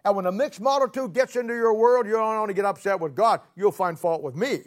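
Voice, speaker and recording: Male pastor preaching, higher voice, sarcastic and emphatic, gets loud. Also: fairly quick. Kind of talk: sermon.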